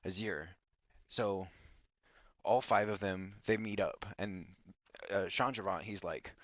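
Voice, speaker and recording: A man's voice: low voice, fairly even intonation, takes it slowly, long pauses, fairly bright tone, dry recording. A man hosting a podcast who rambles goofily through a story recap and keeps bossing his co-host around, on a dull lo-fi recording. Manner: goofy, rambling, mock-bossy toward his co-host.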